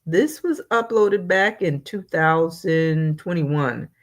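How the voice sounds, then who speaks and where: A woman hosting her channel's live stream, greeting viewers by name and chatting about updates. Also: deep voice. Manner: slow, drawn-out greetings, reading names one by one. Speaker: channel host.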